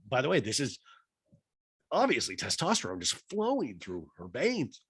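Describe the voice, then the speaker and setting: A man hosts a podcast with a mocking, rambling comic recap. His voice moves up and down with lively swings. It sounds dry and close to the mic. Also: medium pitch, moderate pace, breathy edge, dry recording. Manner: mocking, rambling, repeats "I'll say". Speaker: podcast host.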